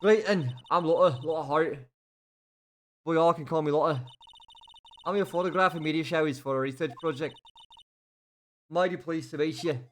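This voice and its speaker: A man putting on a loud, drawling Southern gal. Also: a little high, moderate pace, long pauses, close to an everyday voice. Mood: boisterous. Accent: put-on American Southern. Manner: boisterous, drawling. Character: loud folksy young woman photographer. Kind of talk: voicing game dialogue on a livestream.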